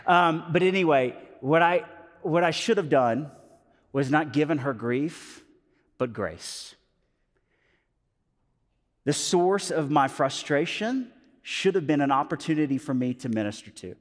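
A male pastor giving a sermon, telling stories in an animated way with lots of fillers, moving between loud and hushed. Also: medium pitch, moderate pace. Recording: long hall reverb.

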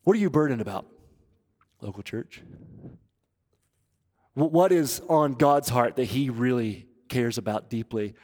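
A man preaching a sermon as pastor, urging and earnest, moving between loud appeals and hushed, intense passages. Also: mid-range voice, moderate pace, hardly any pauses. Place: church auditorium. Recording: long reverb of a large hall.

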